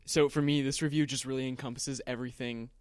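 A young man co-hosting a casual comedy podcast, quick to laugh and agree. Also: medium pitch, fairly even intonation, darkish tone, smooth, no room sound. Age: young adult. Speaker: podcast co-host.

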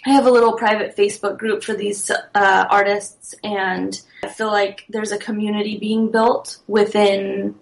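A woman's voice: medium pitch, level tone, normal speed, gravelly, few pauses, poor audio. Woman on a podcast talking about her wedding blog, earnest, a few stumbles. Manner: earnest, with small restarts. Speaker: podcast guest, wedding blogger. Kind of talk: casual interview answers.

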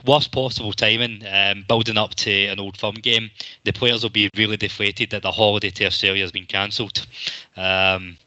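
A man's voice: fairly low pitch, level tone, normal speed, sharp tone, no room sound, dull audio. A man hosting a casual football podcast, chatty and jokey, swearing freely. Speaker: podcast host.

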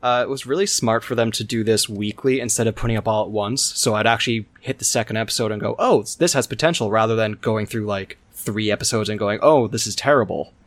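A man's voice: lowish voice, level tone, quick pace, hardly any pauses, fairly bright tone, dry recording. A man co-hosting a podcast in casual chat, blunt and wry with crude humor. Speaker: podcast co-host.

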